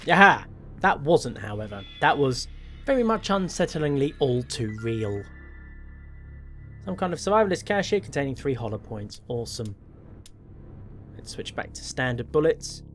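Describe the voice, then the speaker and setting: A man's voice: medium pitch, very animated, moderate pace, pauses often, a bit bright. A man playing a horror game and commenting on it, wry and self-mocking as he thinks aloud. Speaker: gameplay commentator. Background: faint game music.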